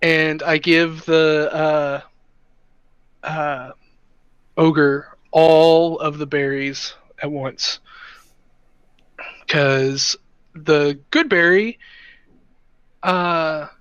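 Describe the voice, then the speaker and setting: A man's voice: on the high side, little pitch movement, extremely slow, pauses often, fairly bright tone, clean tone, no echo. A man playing a tabletop game, chatty and laughing, often hesitating mid-sentence. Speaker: player. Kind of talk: casual tabletop game play. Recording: dull, dry, lo-fi mic.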